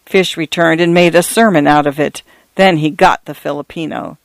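A man's voice: on the high side, steady tone, moderate pace, gravelly, dry recording. A man voicing a genial priest in his late fifties who chats easily and tells gossip, in a read-aloud story. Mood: chatty. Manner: easygoing, chatty.

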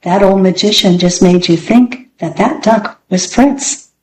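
Woman doing a kind calm lady, reassuring, roomy echo. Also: medium pitch, a little slow, a little hiss or hum, close to an everyday voice. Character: kind older woman, gently amused.

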